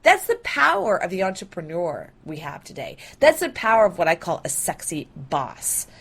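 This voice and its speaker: A bubbly woman hosting a solo podcast, chatting loosely with lots of ums and quick laughs. Her voice sits on the lower side, and she rambles happily from one thought to the next. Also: husky. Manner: bubbly and excitable, with laughs and many fillers. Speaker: podcast host. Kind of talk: casual solo podcast talk.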